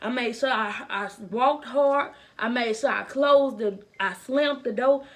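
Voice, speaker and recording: A woman's voice: on the high side, a little slow. A young adult woman telling a personal story in a vlog, speaking in an earnest, emotional way.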